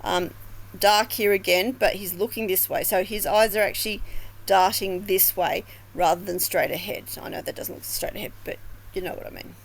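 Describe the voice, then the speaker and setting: A woman's voice: medium pitch, fairly even intonation, normal speed, creaky, a little hiss or hum, rough recording. A woman vlogger commenting casually at home, chatty and thinking aloud, swearing now and then. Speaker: vlogger analyzing body language. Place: home with dogs.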